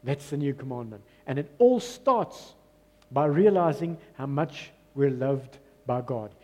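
A man's voice: medium pitch, lively intonation, a little slow, darkish tone, long reverb tail. A man preaching a sermon in a church, emphatic and repeating his key phrases. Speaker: pastor.

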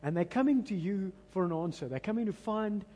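In a church hall full of long reverb, a pastor with a high voice and South African accent preaches a little fast. He dramatically retells scripture with animated storytelling and draws the congregation into call-and-response.

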